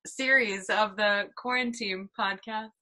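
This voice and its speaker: A young woman hosting a casual podcast chat, playful and quick to laugh. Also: medium pitch, steady tone, pushed and bright. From North Carolina. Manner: giggly, playful. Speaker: podcast host.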